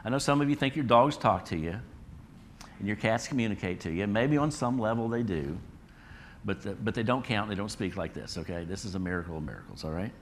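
A man's voice: lowish voice, lively intonation, fairly quick, a little hiss or hum. A man preaching a Bible study sermon in a conversational way, often checking in with listeners. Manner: conversational, frequent "all right?" checks.

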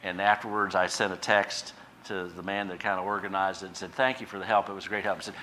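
A male pastor delivers a sermon with a bright, forceful voice. He moves between soft, conversational asides and loud, emphatic lines. A faint hiss of noise sits under the recording. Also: low-pitched, fairly even intonation, fast. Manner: preaching with rising emphatic bursts and quiet asides.

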